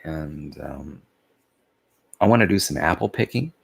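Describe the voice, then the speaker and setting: This drowsy vlogger has a bass voice that's creaky with a breathy edge, and he speaks unhurriedly with lively intonation. He rambles casually, yawns, loses his thread and laughs softly at himself.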